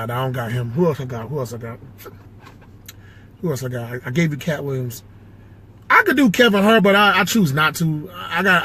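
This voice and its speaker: Man, husky voice, fairly high pitch, rambling, cursing, recorded in a car. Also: fairly bright tone. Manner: rambling, self-talking, swears often. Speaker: amateur impressionist. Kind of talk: casual impressions vlog. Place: inside a car.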